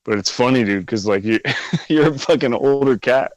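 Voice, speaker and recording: A man's voice: medium pitch, normal speed, no room sound. A man in his thirties trading profane teasing banter on a video call. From Australia. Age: 30s.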